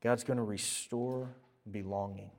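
A man preaching a sermon as pastor, telling stories with lively, self-mocking humor. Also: fairly low pitch, unhurried. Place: church service.

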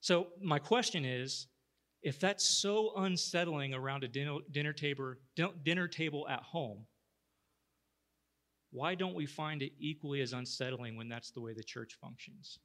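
Guy pastor giving a sermon, kinda high bright voice, chatty storytelling. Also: normal speed. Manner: storytelling, conversational with many restarts.

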